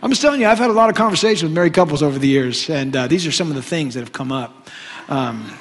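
A man preaching a sermon, an animated and joking storyteller. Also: a little high, quick pace, slight background noise. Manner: animated, joking storyteller who often laughs. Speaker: pastor. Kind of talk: sermon with humorous stories. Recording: long hall reverb.

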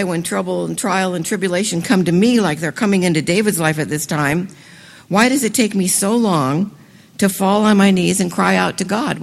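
A woman preaching a sermon with passion, her voice swelling loudly when she reads scripture. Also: mid-range voice, gravelly. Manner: impassioned, swells loud on scripture lines. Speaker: women's ministry speaker. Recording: reverberant hall.

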